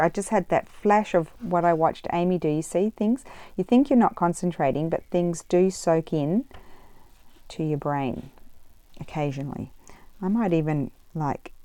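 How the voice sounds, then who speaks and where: A woman's voice: deep voice, dark tone, dry recording. A woman vlogging casually as she makes paper crafts, thinking aloud and drifting off on tangents. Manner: rambling, chatty, wanders off on tangents; thinks aloud while working. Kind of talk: casual chat while crafting.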